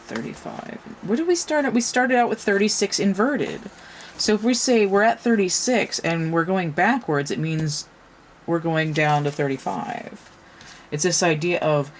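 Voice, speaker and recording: A woman's voice: lowish voice, moderate pace, slight background noise. Frank, casual woman tarot reader. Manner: frank and swearing, full of rhetorical questions.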